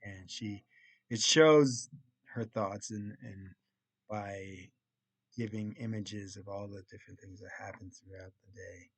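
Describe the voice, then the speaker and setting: Slow, low-voiced young man recounting. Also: fairly even intonation, breathy edge, no room sound. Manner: plainly retelling a story step by step, with pauses and restarts. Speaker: college student. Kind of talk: casual vlog recap of a class week.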